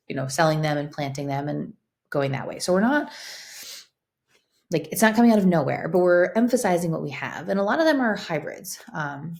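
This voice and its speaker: A woman teacher giving a quick, chatty recorded science lesson, with lots of ums and likes. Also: deep voice, vocal fry, a little mellow.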